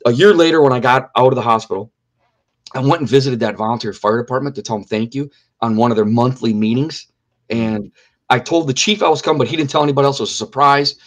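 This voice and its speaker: A man's voice: medium pitch, quick pace. A middle-aged man giving an earnest personal testimony in an interview, repeating key phrases for emphasis. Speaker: interview guest.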